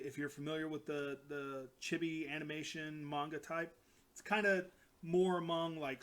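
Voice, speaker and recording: A man casually recapping comic book stories alone, rambling and animated, slipping into quick character voices for quoted lines. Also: on the high side.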